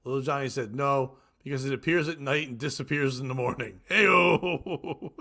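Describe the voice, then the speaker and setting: A man's voice: medium pitch, moderate pace, creaky, pushed and bright. A man co-hosting a crude comedy podcast, reading joke after joke and breaking into cackling laughs. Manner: cackling laughs, reads jokes aloud. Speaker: podcast co-host.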